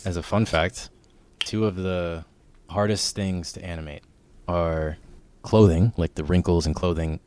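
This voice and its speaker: A man's voice: sits low, fairly even intonation, measured pace, darkish tone, clean tone. A man hosting an anime discussion channel, chatting casually and explaining things in a laid-back way. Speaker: channel host.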